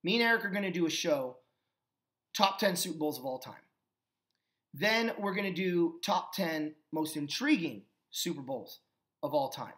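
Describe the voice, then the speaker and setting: A man's voice: fairly high pitch, normal speed. A man hosting his own football talk show, giving opinionated commentary with emphatic rhetorical questions. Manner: calmer and earnest when thanking fans. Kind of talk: opinionated sports commentary monologue.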